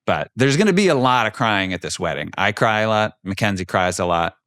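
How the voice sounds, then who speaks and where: A man's voice: lowish voice, expressive, fairly quick, fairly bright tone, dry recording. A man in his thirties co-hosting a podcast, talking in a reflective, hesitant way with many fillers. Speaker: podcast co-host. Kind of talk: casual chat.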